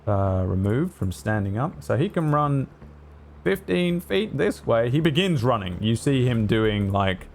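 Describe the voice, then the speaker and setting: A man's voice: mid-range voice, big pitch swings, unhurried, gravelly, slight background noise. Man narrating as game master. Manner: vivid descriptive narration with many fillers.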